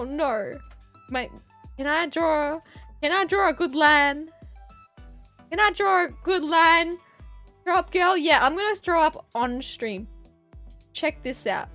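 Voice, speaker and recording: A woman's voice: high-pitched, fairly bright tone. A young woman streaming as an artist, chatting casually and giggling while she draws, with playful, melodramatic outbursts.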